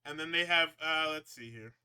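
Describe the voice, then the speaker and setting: Bright-voiced man recapping wrestling. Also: fairly high pitch, normal speed, smooth. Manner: rambling and profane, with frequent laughs. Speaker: podcast host.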